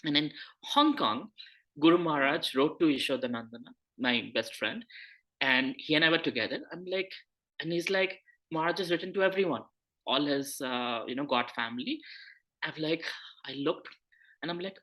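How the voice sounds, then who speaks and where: A man's voice: fairly high pitch, normal speed, bright, forceful tone. A man giving a conversational scripture talk, acting out quoted dialogue as he tells a personal story. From India. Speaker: spiritual teacher.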